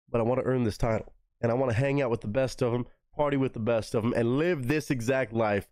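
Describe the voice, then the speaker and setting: A man hosts a live reaction to music. His voice sits in a middle register and swings up and down with excitement as he swears. The sound is dry and close, with no room echo. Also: fast. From Texas. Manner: excitable, swears freely, big swings in pitch.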